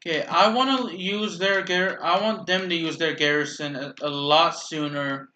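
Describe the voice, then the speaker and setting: Fairly high and sharp, moderately paced: a man running a gaming channel keeps up rambling commentary during play. He often starts sentences over and throws dry, sarcastic jabs at his teammates.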